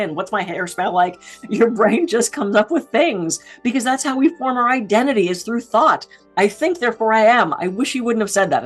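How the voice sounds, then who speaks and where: A middle-aged woman giving a motivational talk on stress and meditation, acting out her own inner voice as she tells stories. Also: mid-range voice. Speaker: stress management speaker.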